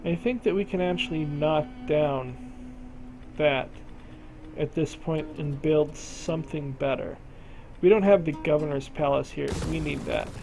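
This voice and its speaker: Man voicing strategy-game commentary, slow and unhurried, thinks aloud, soft game music behind. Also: on the high side, gravelly, low-quality recording. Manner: thinks aloud, addresses game regions directly. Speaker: gameplay commentator.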